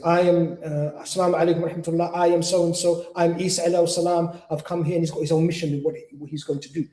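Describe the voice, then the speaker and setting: A man's voice: on the high side, dark tone. A man teaching at an Islamic centre, speaking conversationally, acting out little dialogues and often adding "you see". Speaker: Islamic teacher and spiritual healer. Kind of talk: mosque lecture. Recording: echoey lecture hall.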